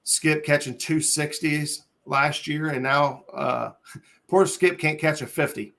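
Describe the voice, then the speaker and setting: Hosting a casual fishing live stream chat, a man from Ohio rambles hesitantly, full of ums and uhs, chuckling between thoughts. His voice is fairly high and a bit bright, with a creaky quality, a steady tone, and a slow pace.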